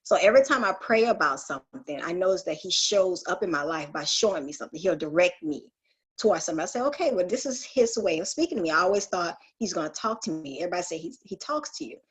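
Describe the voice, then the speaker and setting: A woman sharing a heartfelt personal testimony in a group call, earnest and quick to laugh, often restarting her sentences. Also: fairly low pitch, expressive, husky.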